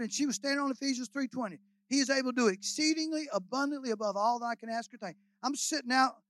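Preaching a sermon as a guest pastor, this man is folksy and joking, repeating phrases and swinging from quiet asides to loud shouts. His voice is very high, and the recording has no room sound.

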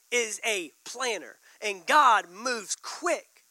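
A man's voice: high voice, moderate pace, bright, forceful tone, no echo, rough recording. A man preaching a sermon, building emphasis and repeating key lines. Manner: preaching with rising emphasis and repetition. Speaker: pastor.

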